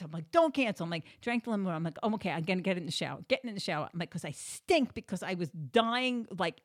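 A middle-aged woman, a yoga therapist, telling a personal story casually and acting out the dialogue with sudden loud bursts. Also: medium pitch. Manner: animated, acts out dialogue with big swings in loudness.

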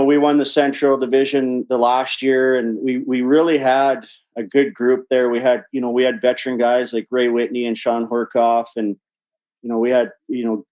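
A man's voice: mid-range voice, a little mellow, rough recording. Profane rambling male storyteller. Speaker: guest, former hockey player. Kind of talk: casual storytelling.

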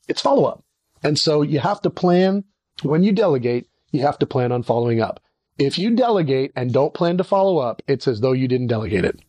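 Animated man teaching on leadership. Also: fairly quick, slightly rough, no room sound, muffled recording. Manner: animated, acts out little dialogues with sudden pitch jumps. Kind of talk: conversational teaching talk.

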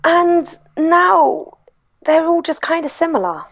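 A woman's voice: very high voice, animated, slow pace, dull audio. A woman speaking bluntly as a guest in a casual interview, swearing freely, over a call. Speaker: guest blogger.

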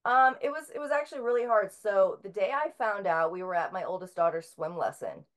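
A woman's voice: mid-range voice, fairly quick. A middle-aged woman author speaking as an interview guest, talking casually with many filler sounds and restarts.

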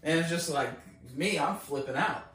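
A man telling a story in casual conversation, acting out both sides of the exchange with mounting excitement. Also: fairly high pitch, moderate pace. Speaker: guest. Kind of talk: animated storytelling in casual chat. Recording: echoey room, distant mic.

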